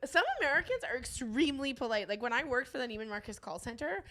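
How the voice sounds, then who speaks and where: Podcast co-host, woman, higher voice, animated and quick to laugh. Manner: laughs often, animated, swearing. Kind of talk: casual comedic chat.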